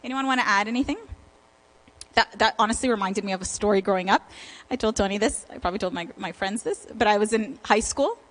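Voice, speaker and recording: A woman's voice: mid-range voice, quick pace, fairly bright tone, rough recording. A woman leading an informal church parenting talk and answering questions in a conversational way.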